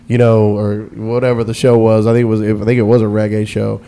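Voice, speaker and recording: A man's voice: fairly low pitch, little pitch movement, fast talker, hardly any pauses, warm tone, smooth. A man, a radio DJ guest, telling stories in a loose, rambling way on a casual podcast, full of fillers and restarts that liven up as the anecdotes pick up.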